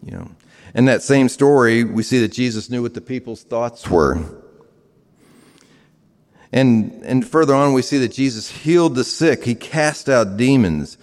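A man's voice: mid-range voice, lively intonation, measured pace, a little mellow. Southern guy preaching, talks easy with lots of "you know"s, big echoey hall. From American South. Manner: conversational, with frequent fillers and restarts. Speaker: pastor. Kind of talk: sermon. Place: large room with a live audience. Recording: long reverb of a hall.

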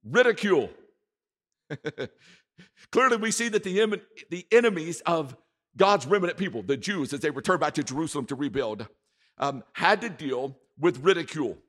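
A pastor preaching a sermon, emphatic and repeating his key words, with volume that swings from soft to loud. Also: fairly high pitch, lively intonation, normal speed. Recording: echoey hall reverb.

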